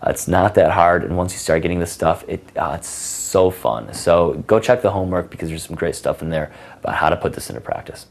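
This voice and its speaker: A man's voice: deep voice, brisk, gravelly. A man teaching conversation tips in a casual, playful way, acting out sassy example lines. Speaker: dating coach. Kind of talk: casual instructional talk.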